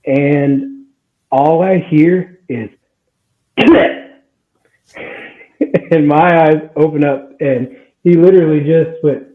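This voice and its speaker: A man's voice: fairly high pitch, slow. Laughing young man on a tinny line. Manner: animated, laughing, acts out quotes. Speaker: guest storyteller. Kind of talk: casual podcast storytelling. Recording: tinny phone-like sound.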